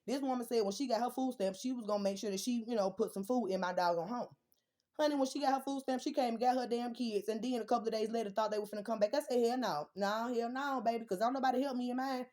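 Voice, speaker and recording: A woman's voice: a little high, fast talker. A young woman ranting bluntly and defiantly about her family and her kids, swearing often. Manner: profane, blunt, defiant, rising to shouts. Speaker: vlogger. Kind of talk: heated personal rant.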